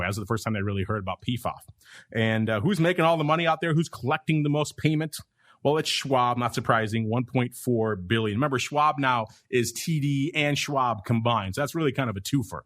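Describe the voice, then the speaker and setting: A man's voice: mid-range voice, fairly bright tone. A man hosting a markets podcast, chatty and wry, with asides. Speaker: podcast host. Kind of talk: casual market talk.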